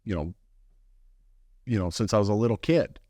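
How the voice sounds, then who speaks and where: Rambling male podcast co-host, lowish voice, dry close mic. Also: moderate pace, warm tone, no room sound. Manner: rambling, lots of "you know" fillers. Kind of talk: casual chat.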